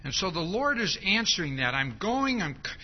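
A male pastor preaches in a loose, conversational teaching style, his voice rising and falling widely. His tone is fairly high and a little husky. The recording sounds dull and lo-fi. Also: very animated, moderate pace. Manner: conversational, keeps asking "See?". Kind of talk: expository sermon.

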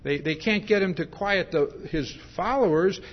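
A man preaching an expository sermon in a conversational way, often pausing to ask "see?" and restarting his sentences. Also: sits high, husky, dull audio.

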